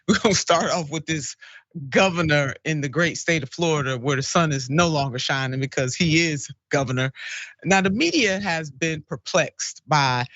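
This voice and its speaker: A woman's voice: low voice, a bit bright, no room sound, lo-fi sound. A woman hosting a live-stream talk show, chatty and laughing often as she reads viewer comments. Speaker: host.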